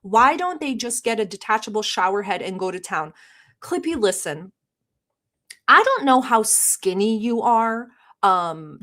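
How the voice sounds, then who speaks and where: A woman from the Middle East hosting a casual livestream, talking straight to her chat in a brash, sarcastic way and mock-yelling at viewers. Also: medium pitch. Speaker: livestream host.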